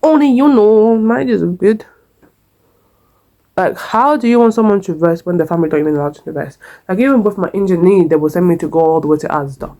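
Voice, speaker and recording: A woman's voice: lowish voice, brisk, mellow. A young woman vlogger telling a casual storytime, chatty and repetitive, with frequent swearing. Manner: chatty, repeats herself, swears, sings a short hymn.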